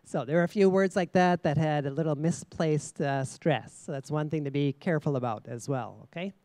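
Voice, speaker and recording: A contest judge giving feedback to students in a teacherly manner, voice smooth and resonant. The judge keeps asking the room questions and checking in with "okay?". The sound is close and dry, with little room around it. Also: medium pitch, a little fast, mellow, no echo. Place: very large room with a large audience. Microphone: stage microphone.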